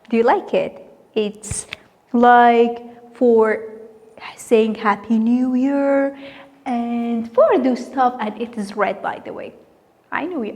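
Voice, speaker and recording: A woman with a Kurdish accent teaching young children an English letter in an online lesson, in a playful, sing-song way with drawn-out repeats. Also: high-pitched, long reverb tail. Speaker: kindergarten teacher.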